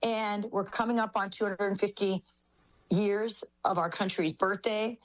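A woman's voice: medium pitch, steady tone, unhurried, low-quality recording. A woman from the United States, speaking as an author guest in an interview, earnest and opinionated. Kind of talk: interview conversation.

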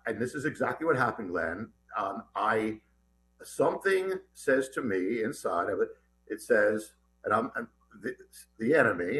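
A middle-aged man, a guest author in an interview, telling a personal story in an animated, urgent way with many restarts. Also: medium pitch, a little hiss or hum.

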